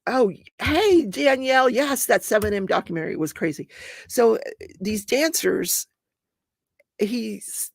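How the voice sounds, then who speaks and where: A woman's voice: mid-range voice, vocal fry, no room sound, clean studio sound. A middle-aged woman hosting a live stream, recapping a true-crime case in a rambling way and chatting with viewers. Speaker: host of a live crafting and true-crime channel. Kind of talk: casual live-stream chat.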